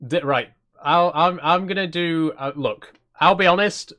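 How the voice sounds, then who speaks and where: A man's voice: a little high, measured pace, sharp tone. A man hosting a channel, giving casual gameplay commentary in an easygoing, self-conscious way and chatting with viewers. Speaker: channel host.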